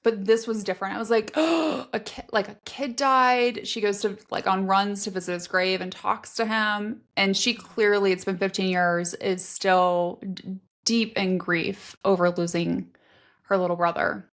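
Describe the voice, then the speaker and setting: A woman's voice: mid-range voice, little pitch movement, normal speed. Candid woman podcast co-host. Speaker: podcast co-host, mother of boys. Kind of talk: casual book chat.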